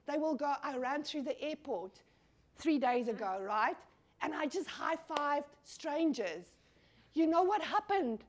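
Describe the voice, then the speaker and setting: Her voice sits high as this middle-aged woman delivers a lively classroom lecture. She's animated, keeps putting questions to the audience, and swears casually.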